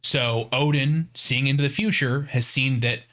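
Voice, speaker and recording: A man's voice: medium pitch, moderate pace, sharp tone. A man co-hosting a podcast, retelling a game's story in casual, profane chat. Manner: profane, storytelling with acted-out quotes. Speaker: podcast co-host.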